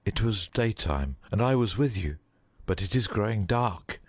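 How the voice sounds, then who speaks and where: A man voicing a loyal huntsman torn between duty and mercy, in a slow, heavy, pleading delivery. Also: lowish voice, expressive. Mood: worried.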